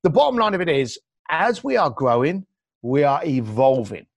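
A man's voice: on the high side, moderate pace, gravelly, no echo, studio quality. A man, a podcast guest, talking bluntly and acting out other people's lines. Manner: blunt, animated storyteller who acts out quotes. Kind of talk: podcast interview.

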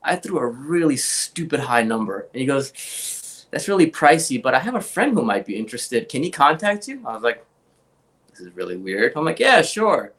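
Man, young adult, interview guest, mid-pitched, storyteller who acts out quotes. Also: moderate pace. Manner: animated anecdotes, acts out quoted voices. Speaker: guest, comic art collector.

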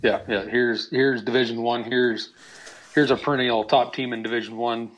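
A man co-hosting a podcast in relaxed, easygoing chat. He tells stories at an ordinary pitch, with a livelier push whenever he retells a shout. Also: moderate pace, dull audio. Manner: storytelling, animated when retelling yelling. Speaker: podcast co-host. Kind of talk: casual chat.

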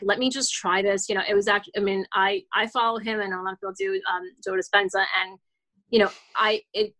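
A woman's voice: medium pitch, a bit bright. A woman in her thirties telling her story as a guest in an interview, rambling with many restarts, heartfelt and casual. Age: 30s. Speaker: guest author.

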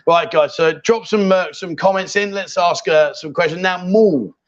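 A man's voice: high-pitched, normal speed, dull audio. Jokey man hosting a chat show. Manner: jokey, chatty, teasing, repeats himself. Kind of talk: casual live-stream chat. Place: bar in Thailand.

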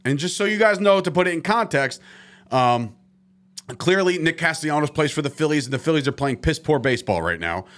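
A man's voice: a little high, animated, fairly quick, fairly bright tone. A man hosting a casual sports podcast, talking animatedly, swearing freely and acting out quotes. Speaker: podcast host.

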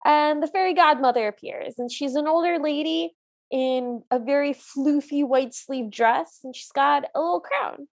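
A woman's voice: high voice, moderate pace, gravelly. A woman co-hosting a podcast, chatting casually and stating her opinions and dislikes plainly. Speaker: podcast co-host. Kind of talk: casual chat.

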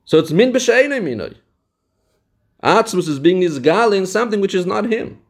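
Male text study teacher, slightly high voice, reads then explains. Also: expressive, moderate pace. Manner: mixes Yiddish and Hebrew terms into English. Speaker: Torah teacher.

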